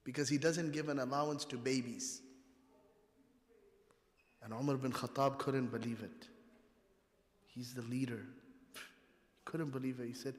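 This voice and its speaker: An Urdu-speaking guest speaker delivers a sermon in a mosque hall, his mid-range voice steady and unhurried, with frequent pauses. His preaching is conversational and story-driven, and the hall's long reverb colors the sound.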